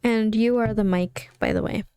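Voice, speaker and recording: A woman's voice: on the high side, fairly even intonation, normal speed, mellow, clean tone, dry recording. A woman streamer chatting casually between game lines, with jokey, giggly asides. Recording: game music playing behind.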